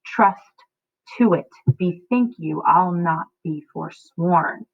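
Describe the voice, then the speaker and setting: Teacher lady doing a furious bossy old lord dad, booming, tinny lo-fi sound. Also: slow, gravelly, heavily acted. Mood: raging. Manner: booming, commanding, threatening. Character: furious domineering older male lord, father. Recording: tinny phone-like audio.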